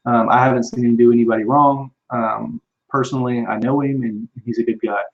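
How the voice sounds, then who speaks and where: On a casual live stream, a man who seems to be in his thirties answers viewer questions, rambling and restarting often with plenty of fillers. He has a mid-range, steady voice with vocal fry and a brisk delivery. The audio from his computer microphone is dull.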